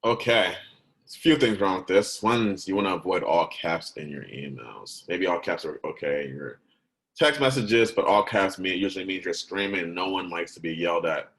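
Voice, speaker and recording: A man with a very low voice walks his students through a recorded lesson. He keeps it conversational and checks in with "right?" and "okay?" every few sentences. Now and then he stops partway through a word to correct himself. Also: expressive, moderate pace, a bit bright, poor audio. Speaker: teacher.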